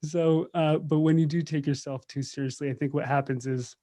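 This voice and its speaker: A man's voice: on the high side, steady tone, fairly quick, mellow. A man, a meditation teacher, telling stories in a casual interview, joking and laughing often. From United States. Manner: joking, laughs often, acts out quoted voices. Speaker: meditation teacher, podcast guest. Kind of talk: casual conversational storytelling.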